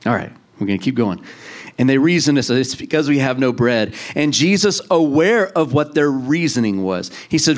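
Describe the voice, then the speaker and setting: A man's voice: mid-range voice, lively intonation, normal speed. A man preaching a sermon to a congregation in a conversational way, acting out the voices of the people in the story. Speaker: pastor.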